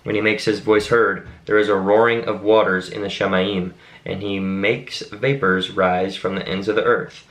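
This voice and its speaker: A man reading scripture aloud at a steady, measured pace, now and then stopping to explain a word. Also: fairly low pitch, poor audio. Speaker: Bible reader.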